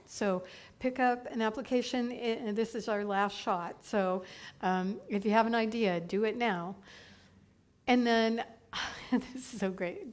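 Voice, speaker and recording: A middle-aged woman minister giving chatty, upbeat church announcements to her congregation, laughing now and then. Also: mid-range voice.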